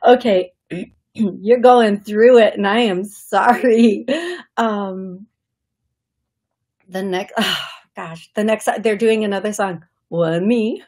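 Brief: woman psychic medium host, unhurried, halting delivery, laughs easily between thoughts, middle-pitched. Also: steady tone, a little mellow, slightly rough. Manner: slow, halting, thinking aloud with pauses; laughs often between remarks. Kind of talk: live call-in radio show.

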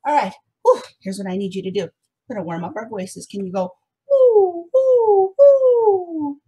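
Recorded at home, a young woman is giving first graders a remote music lesson, her slightly husky voice bright, sing-song, and encouraging. She speaks quickly in a mid-range voice with lively intonation.

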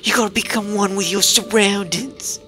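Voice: medium pitch, normal speed, sharp tone, close to an everyday voice. A gamer doing a swaggering video-game guildmaster with a broad, hammy Australian twang, bragging like a seasoned hunter. Game music plays underneath. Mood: boastful. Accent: Australian, put on. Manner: hammy, exaggerated reading of game dialogue. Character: boastful middle-aged male guildmaster, hunter and adventurer.

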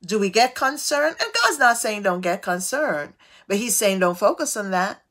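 A woman preaching a devotional sermon, tossing out call-and-response asides with sudden swings of pitch and loudness. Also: very animated. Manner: slow, drawn-out delivery.

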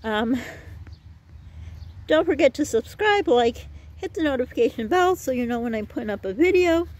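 Breathless high-voiced woman vlogging outdoors. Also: expressive, darkish tone. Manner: rambling, chatty, breathy pauses. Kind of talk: casual garden vlog. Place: outdoors in a garden.

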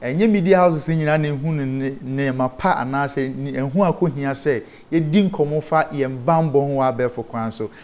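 A man's voice: mid-range voice, normal speed, hardly any pauses, a little mellow. A man with a Ghanaian accent, a guest on a studio interview, explaining online safety step by step and spelling terms out letter by letter. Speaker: cybersecurity guest.

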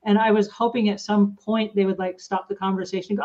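A woman's voice: mid-range voice, flat delivery, fast talker, a little mellow. A woman hosting a podcast, chatting casually and telling stories with lots of fillers, acting out what people said. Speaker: podcast host. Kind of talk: casual chat, storytelling. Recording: dull lo-fi sound.

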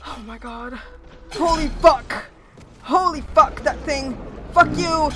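A woman's voice: sits high, unhurried, very noisy. A young woman streaming a game live, shrieking, pleading and swearing as she plays, with bursts of laughter. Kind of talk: live gameplay commentary. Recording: game music behind the voice. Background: game music and sound effects.

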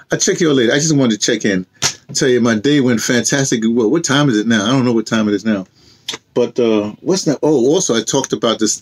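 A man casually chatting in a vlog, telling a rambling story with lots of laughs and sounding tired from a day of walking. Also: medium pitch. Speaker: vlogger. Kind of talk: casual chat.

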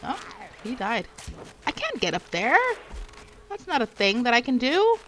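A woman's voice: on the high side, very animated, unhurried, background noise. A woman streaming a video game, talking to herself as she plays and breaking into panicked shrieks when attacked. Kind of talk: live gameplay commentary.

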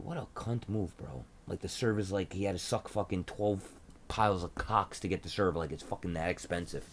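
Here the streamer's voice sits low and runs a little fast as he swears and mocks his way through a game at home. He's on a noise-cancelling headset mic, and steady background noise runs underneath.

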